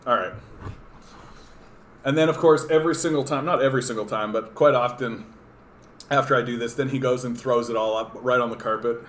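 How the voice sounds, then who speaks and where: A man hosting a casual home livestream, chatting to viewers and cooing softly to his pet dog. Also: mid-range voice, steady tone, a little fast, pauses often. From Canada. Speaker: livestream host. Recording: roomy echo, faint room noise.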